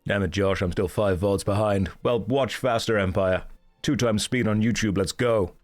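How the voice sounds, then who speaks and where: A man's voice: on the low side, normal speed, soft background music. A man streaming a game, chatting casually in a groggy morning voice, with dry, self-mocking jokes. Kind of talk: casual live-stream chat.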